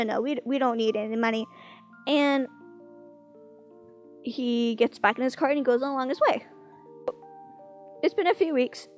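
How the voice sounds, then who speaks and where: A woman casually telling a long joke, rambling with many fillers and restarts. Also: high-pitched. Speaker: vlogger.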